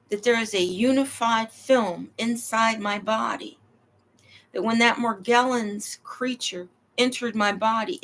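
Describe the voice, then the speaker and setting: A woman's voice: on the high side, fairly bright tone. A woman telling a long personal story in a rambling, emphatic way, acting out what people said to her. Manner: rambling, emphatic, acts out quoted dialogue.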